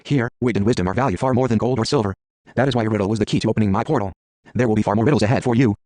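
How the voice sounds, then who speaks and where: A man's voice: lowish voice, racing, warm tone, no echo, close to an everyday voice. A man voicing a proud, stern female tree spirit who scolds in a haughty way.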